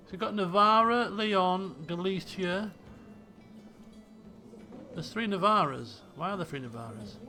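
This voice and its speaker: Lively man commentating a game. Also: sits high, vocal fry. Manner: joking, thinks aloud, jokey asides. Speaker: let's play host.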